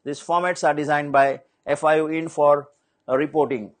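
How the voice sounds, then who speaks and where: A man giving a slide-based lecture on banking compliance, measured and explanatory, repeating his key points. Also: fairly high pitch, steady tone.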